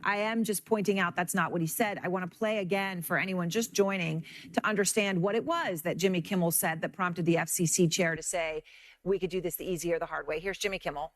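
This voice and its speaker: A woman's voice: lowish voice, fairly even intonation, brisk, no echo. Woman news anchor, dry close sound. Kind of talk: cable news interview.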